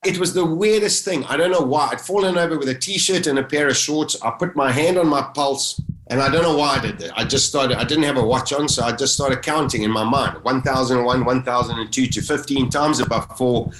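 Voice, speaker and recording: A man's voice: mid-range voice, a little fast, reverberant, low-quality recording. A man from South Africa, a podcast guest, recounting a survival ordeal vividly and acting out his own thoughts. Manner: animated, vivid retelling with acted-out inner thoughts. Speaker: interview guest. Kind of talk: emotional first-person storytelling.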